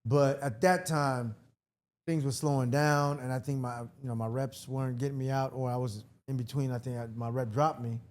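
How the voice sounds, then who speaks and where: A man's voice: mid-range voice, steady tone, a little mellow, slight background noise. A man from Washington, D.C., a comedian and actor, chatting loosely as a podcast guest and swearing freely as he tells stories. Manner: loose, profane storytelling with quick acted-out asides. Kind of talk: casual podcast chat.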